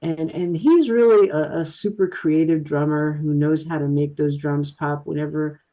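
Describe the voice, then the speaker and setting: A woman's voice: sits low, steady tone, moderate pace, muffled recording. A woman co-hosting a metal podcast, talking enthusiastically and often repeating words as she goes. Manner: enthusiastic with frequent word repeats. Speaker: podcast co-host. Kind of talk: casual chat.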